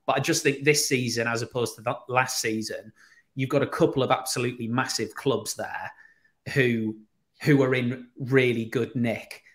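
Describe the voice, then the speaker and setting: A man's voice: medium pitch, normal speed. Chatty man telling stories. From Teesside, England. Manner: animated storyteller, acts out quoted voices. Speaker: radio presenter, podcast guest. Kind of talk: casual anecdotal chat.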